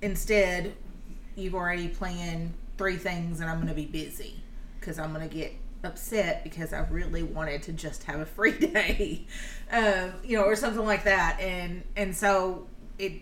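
A woman's voice: on the low side, steady tone, a little slow, fairly bright tone. A woman co-hosting a podcast, telling a story in rambling, conversational chat. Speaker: podcast co-host. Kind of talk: casual chat. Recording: background noise.

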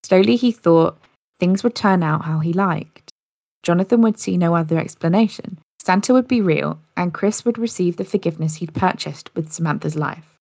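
Gravelly low-voiced woman telling a story. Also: moderate pace, a little mellow, no room sound, clean studio sound. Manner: casual, occasional slips and restarts. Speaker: podcast storyteller. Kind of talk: casual story narration.

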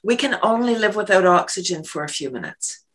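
Laughing, lively woman on an interview. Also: mid-range voice, brisk. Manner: laughs often, acts out little quoted scenes. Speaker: guest, laughter yoga leader and worm business owner. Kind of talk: enthusiastic interview talk.

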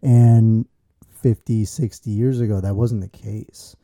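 A man with a very warm, dark voice co-hosts a relaxed podcast. He thinks aloud and builds his points step by step, often restarting a phrase. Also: fairly low pitch, slow pace. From United States. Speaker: podcast co-host. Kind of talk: casual podcast chat.

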